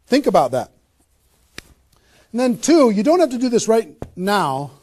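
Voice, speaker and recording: High-voiced energetic man giving a sales seminar. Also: unhurried, long pauses. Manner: energetic, emphatic, rhetorical questions. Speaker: network marketing trainer. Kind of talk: motivational seminar talk. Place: seminar room with a small audience.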